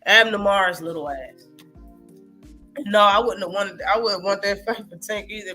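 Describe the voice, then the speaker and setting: Brief: high, bright-voiced man, streaming host, animated and profane, faint music behind. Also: normal speed, pauses often. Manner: animated, profane, reacts to live chat. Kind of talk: casual live-stream boxing talk.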